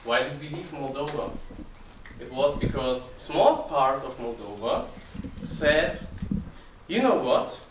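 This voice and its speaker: A man's voice: medium pitch, lively intonation, takes it slowly, noisy background. A man, giving an earnest informal talk to an audience and often restarting phrases. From Germany. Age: 20s. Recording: echoey room, distant mic, faint ambience.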